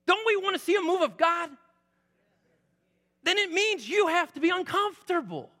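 A high-voiced, bright man in his forties preaches in a conversational, animated way, building to loud emphatic peaks. His voice rings out in a large church hall with a long reverb. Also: moderate pace. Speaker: pastor. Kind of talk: sermon. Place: church sanctuary.

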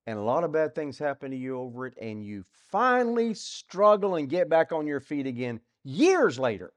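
A man teaching through a Bible passage in a sermon, asking rhetorical questions and swinging between loud and soft. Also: a little high, very animated, moderate pace, hardly any pauses. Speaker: preacher.

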